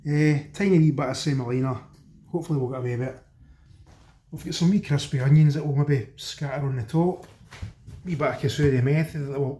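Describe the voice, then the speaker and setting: A Scottish man with a slightly high, dark-toned voice hosts a home cooking channel, chatting cheekily and directly to his viewers as folks while he works in his kitchen. It's casual cooking demo talk, recorded with a roomy echo and faint background noise.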